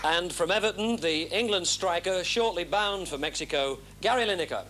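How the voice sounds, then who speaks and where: A man's voice: high voice, moderate pace, a loud crowd. A man formally introducing the players at a snooker match as master of ceremonies. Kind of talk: formal announcing. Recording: hissy old broadcast recording.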